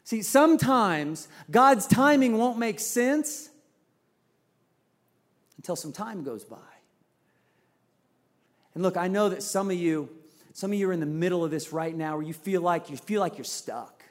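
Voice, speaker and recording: High-voiced male pastor telling a story. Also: animated, a little slow, pauses often. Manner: conversational, acts out quotes with shifts in voice. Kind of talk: sermon with personal story.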